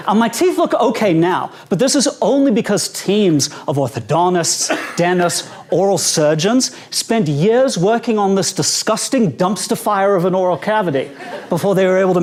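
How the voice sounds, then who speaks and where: Animated South African man doing stand-up. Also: high-pitched. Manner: animated, jokey, acts out quoted voices. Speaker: stand-up comedian. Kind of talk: stand-up comedy routine. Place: conference hall stage with a live audience.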